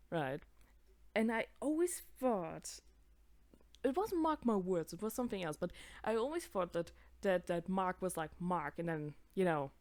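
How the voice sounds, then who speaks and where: A woman's voice: mid-range voice, a little mellow, dry recording. A woman in her twenties giving casual reaction commentary, chatty, swearing freely and laughing at herself. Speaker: video creator.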